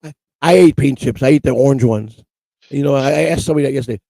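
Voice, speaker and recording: A man's voice: mid-range voice, fast, gravelly, mellow, no echo, rough recording. A man co-hosting a casual live-stream chat, stammering and repeating himself as he teases his co-host.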